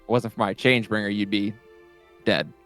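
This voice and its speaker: A man's voice: fairly low pitch, fairly even intonation, normal speed, a bit bright, faint music behind. A man playing in a tabletop game, casual and wry. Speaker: player.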